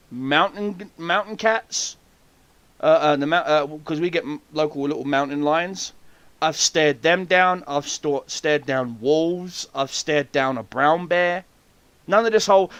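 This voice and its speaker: A man's voice: on the high side, dry recording. A man hosting a podcast, telling boastful stories in casual chat with lots of swearing. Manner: boastful storytelling, heavy swearing, lively. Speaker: podcast host.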